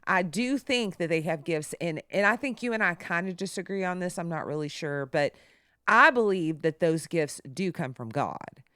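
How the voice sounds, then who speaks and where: A middle-aged woman co-hosting a podcast, telling stories in a casual, animated way and jumping up high when she quotes others. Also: normal speed, dry recording, studio quality. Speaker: podcast co-host. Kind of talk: casual storytelling chat.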